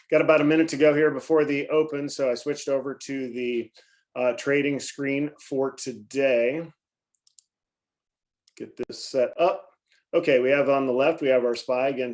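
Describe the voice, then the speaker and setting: A man walks through the morning's trades in an easygoing, rambling way, stumbling over words and restarting often. He keeps clearing his throat and coughing between points as he talks into a computer mic. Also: mid-range voice, darkish tone. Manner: rambling, many fillers and self-corrections. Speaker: market commentary host. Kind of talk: casual live market commentary.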